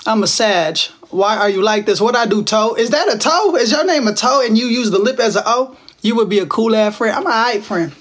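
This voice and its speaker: A man's voice: sits high, fairly quick, hardly any pauses, fairly bright tone. A man in his twenties from Texas, hosting a casual livestream from home on his phone, teasing viewers and answering their comments in playful slang. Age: 20s. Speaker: livestream host.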